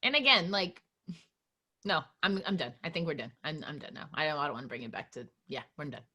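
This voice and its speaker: Woman cohost, bright voice, gets emotional, swears a bunch, keeps restarting sentences. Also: deep voice, brisk, slightly rough. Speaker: podcast co-host. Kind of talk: casual chat.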